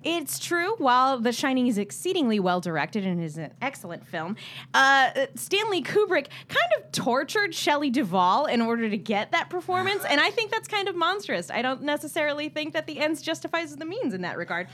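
A woman arguing her side in a casual podcast debate, animated and quick to laugh. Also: sits high.

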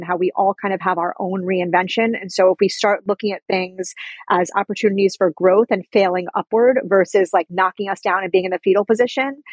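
A woman's voice: mid-range voice, breathy edge, no room sound, muffled recording. A woman in her forties, a podcast guest talking candidly and emphatically in a casual interview, swearing freely. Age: 40s. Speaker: podcast guest and content creator.

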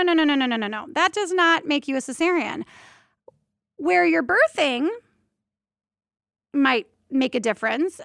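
A woman hosts her podcast solo, talking in a candid, chatty way that turns emotional, with many quick restarts. Her voice sits a bit high. The sound is close and dry, with no room echo. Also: gravelly, a bit bright. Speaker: podcast host and birth doula. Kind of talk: casual solo podcast chat.

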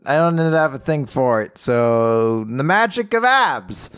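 A man casually recapping an anime chapter on a podcast, rambling with lots of fillers and quick paraphrases. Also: mid-range voice, animated, fairly bright tone, clean tone.

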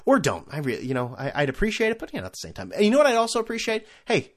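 A man's voice: high voice, wildly swooping pitch, very fast. A young adult man hosting his own podcast alone, rambling casually with sarcastic, self-mocking asides. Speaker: podcast host. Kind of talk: casual solo podcast monologue.

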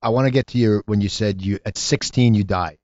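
A man's voice: on the low side, a little fast, darkish tone, no echo, highs cut off. A male host asking rambling, restarting questions in a casual interview.

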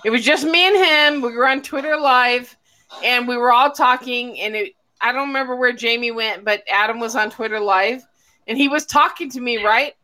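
Woman, live chat host, high bright voice, loud and emphatic, swears a lot. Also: normal speed. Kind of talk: casual chat.

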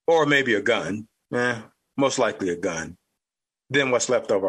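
A man with a Southern US accent, hosting a podcast with blunt, fired-up political commentary, mild cursing and a husky voice. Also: fairly low pitch, expressive, moderate pace, fairly bright tone. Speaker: podcast host.

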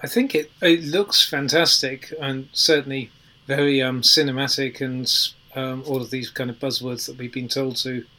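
A man's voice: medium pitch, fairly even intonation, moderate pace, sharp tone, poor audio. A man on a podcast panel chatting casually, weighing his opinions with ums and qualifiers. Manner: thoughtful, qualifying opinions with fillers.

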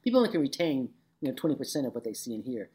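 Low-voiced woman telling stories. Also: rapid-fire. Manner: animated storyteller, acts out quoted voices. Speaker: interviewee, former labor educator. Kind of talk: reflective oral-history interview.

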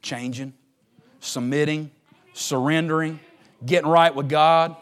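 A man preaching a fervent sermon, swinging between hushed lines and loud ones. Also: on the high side, steady tone, a little slow, clear, resonant tone. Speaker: pastor.

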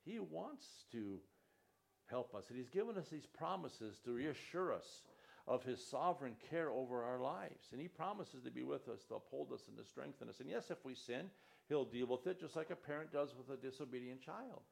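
Gravelly guy pastor preaching, reads verses out earnestly, gets louder on the big lines. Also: medium pitch, animated, moderate pace. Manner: earnest preaching, reads scripture aloud with rising emphasis. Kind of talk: sermon.

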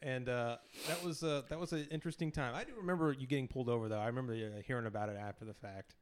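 A man's voice: medium pitch, racing, a little hiss or hum. A man in casual chat, teasing his friend and chuckling.

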